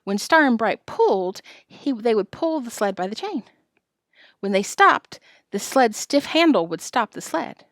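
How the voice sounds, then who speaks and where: A woman reading a children's novel aloud with expressive, dramatic narration. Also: fairly high pitch, a little slow, no room sound, studio quality. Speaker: storybook reader.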